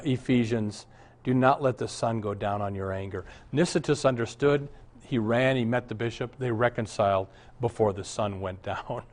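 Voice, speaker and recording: A male pastor preaching a sermon and then answering Bible questions in an earnest, storytelling way. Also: mid-range voice. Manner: earnest, storytelling, chuckles often.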